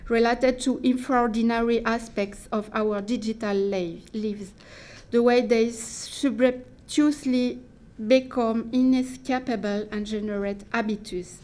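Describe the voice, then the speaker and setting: A woman's voice: a little high, darkish tone. Woman reading a dense academic talk. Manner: careful, deliberate delivery with restarts and hesitations. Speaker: academic speaker.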